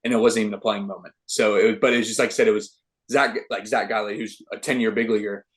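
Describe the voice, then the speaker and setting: A young man, a baseball pitcher, telling a story in a casual interview with lots of slangy "dude" and "like" fillers. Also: fairly even intonation, fast. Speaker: guest, professional baseball pitcher.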